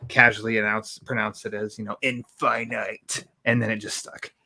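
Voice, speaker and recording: A man's voice: fairly low pitch, completely flat delivery, fast, sharp tone. A man hosting a casual comics chat, enthusiastic and full of comic-history detail. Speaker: podcast host.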